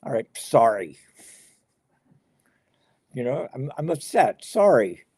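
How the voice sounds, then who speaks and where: A man's voice: mid-range voice, very animated, slow pace, a little mellow, husky, no room sound. A man leading a verse-by-verse Bible study. He talks conversationally, often paraphrasing the text in the first person, with frequent restarts. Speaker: Bible teacher.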